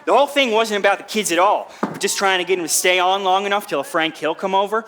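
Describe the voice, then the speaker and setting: A man talking fast onstage plays a poor young drifter pouring out his hard-luck tale. His fairly high, bright voice uses earnest, folksy phrasing with rustic grammar, and the monologue comes across plain and sincere.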